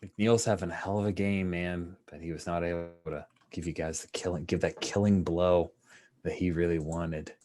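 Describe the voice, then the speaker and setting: Brief: lower-voiced male game master, easygoing and talkative, calling a tabletop ballgame over a call. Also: moderate pace. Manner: relaxed, chatty, full of fillers, commentator flourishes. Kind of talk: narrating a tabletop baseball game. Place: online call with screen sharing.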